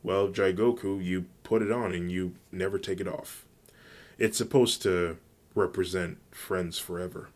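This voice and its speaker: A man's voice: sits low, steady tone, a little slow. A man voicing a friendly young woman hero in a fan story, encouraging and easygoing. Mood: explaining.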